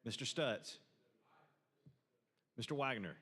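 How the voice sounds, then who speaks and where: A man reads out a roll call very slowly, one name at a time, his voice a little husky. The sound carries a long hall reverb from a large legislative chamber. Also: mid-range voice. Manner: measured, even name-by-name delivery. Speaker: senate secretary. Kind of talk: calling the roll.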